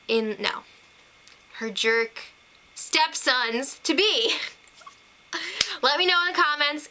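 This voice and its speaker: Bright, chatty young woman recapping. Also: high voice. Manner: gushing, chatty, with laughs and fillers. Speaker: TV recap vlogger. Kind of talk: casual episode recap to camera.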